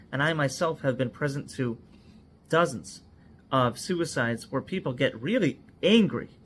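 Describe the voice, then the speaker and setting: A man with a somewhat high voice tells a cautionary story in an earnest tone. He drives his point home with strings of short, stacked phrases. Faint background ambience sits under his voice. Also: fairly bright tone, slight background noise. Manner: earnest, stacks words in lists. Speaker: psychological first aid trainer.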